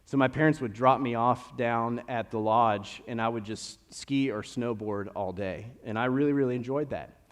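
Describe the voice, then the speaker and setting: In a church hall with long reverb, a young Kentuckian with a slight local accent delivers a sermon that feels like conversation and leans on storytelling. His voice is medium-pitched and moderately paced, rising animatedly at times.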